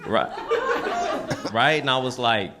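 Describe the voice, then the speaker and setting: A man performing a stand-up comedy set, telling a story with animated delivery and acting out the people in it while an audience laughs. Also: mid-range voice, slow pace, heavy background noise.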